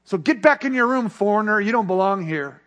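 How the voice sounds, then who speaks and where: A man's voice: high voice, animated, a little fast, fairly bright tone. A preacher acting out a contemptuous male child trafficker who threatens a foreigner in a raised, taunting voice. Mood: menacing.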